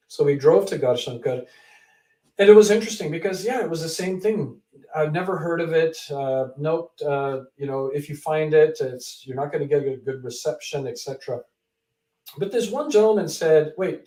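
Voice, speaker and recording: A man with a slightly high yet mellow voice tells an animated story in an interview, jumping into the voices of the people he met. He sits some way from the mic, and the room echoes around him. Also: distant mic. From Canada. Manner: animated storyteller who acts out quoted people. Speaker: author and guest.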